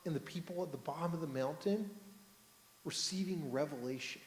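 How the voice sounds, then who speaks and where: Rabbi preaching in a reverberant sanctuary. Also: male voice, fairly high pitch, a little fast. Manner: storytelling, asks the congregation questions. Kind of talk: sermon. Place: synagogue sanctuary, on the bima. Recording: echoey hall, roomy reverb.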